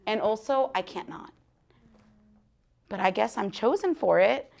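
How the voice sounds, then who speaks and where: A woman in her thirties talking candidly to an audience at a book talk, animated, laughing often and dropping to hushed asides. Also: mid-range voice, unhurried, creaky. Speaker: guest author speaking at a book talk. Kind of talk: casual live talk to an audience.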